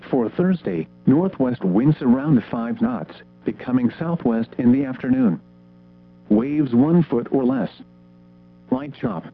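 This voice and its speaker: A male forecast voice with a synthetic-sounding edge reads out winds and waves in a steady, list-like rhythm, jumping sharply up in pitch on short phrases. The sound is narrow and tinny, like a phone line. Soft guitar music plays faintly behind him. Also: vocal fry. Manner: measured, even, list-like delivery. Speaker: weather forecast reader. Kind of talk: scripted marine weather forecast.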